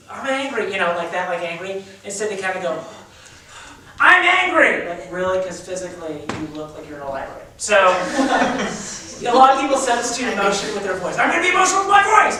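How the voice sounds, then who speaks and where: A man's voice: high voice, fairly bright tone, a little hiss or hum. A man teaching a drama class, coaching students through an exercise with lots of energy and fillers. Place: school drama room with hardwood floor. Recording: very echoey room, far from the mic.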